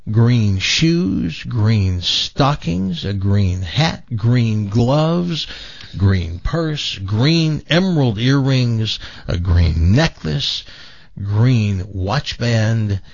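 A man hosting a talk radio show, telling a long joke slowly with pauses and drawn-out lists. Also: mid-range voice, creaky, no echo. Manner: slow, drawn-out storytelling with pauses. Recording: dull dry broadcast audio.

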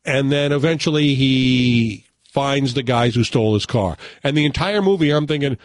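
A man hosting a radio chat, retelling and reviewing a movie in an animated, laughing way. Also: medium pitch, normal speed, dry recording, clean studio sound. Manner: animated storyteller, laughs often. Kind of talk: casual chat.

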